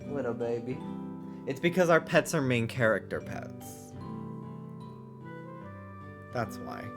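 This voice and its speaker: A man's voice: mid-range voice, animated, slow pace, over music. A man streaming a video game who chats casually and coos baby talk at his dogs. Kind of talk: casual live-stream chat while gaming.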